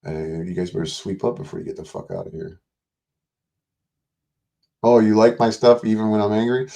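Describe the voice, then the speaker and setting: A man's voice: deep voice, lively intonation, moderate pace, mellow. Profane older man hosting a livestream. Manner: rambling, profane, jokey, reads out chat. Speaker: livestream host. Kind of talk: casual livestream chat.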